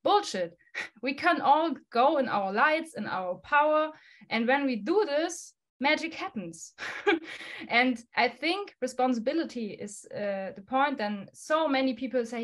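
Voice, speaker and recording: A woman's voice: sits high, lively intonation, measured pace, fairly bright tone. A woman answering as a podcast guest in emphatic non-native English, laughing often and swearing bluntly. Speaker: guest musician.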